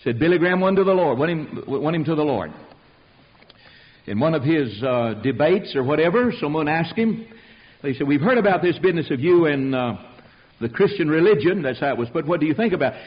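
A man's voice: fairly high pitch, expressive, brisk, dull audio. A man preaching a fiery sermon, emphatic and rhetorical, calling out questions to his congregation.

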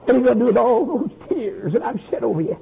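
Casting: a pleading, tearful churchwoman , as a gravelly male preacher puts her on, tinny lo-fi line. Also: fairly high pitch, animated, fast, pitched above the performer's own voice, full character voice. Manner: earnest, imploring repetition. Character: tearful pleading church nurse, middle-aged woman. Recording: tinny lo-fi phone-like recording.

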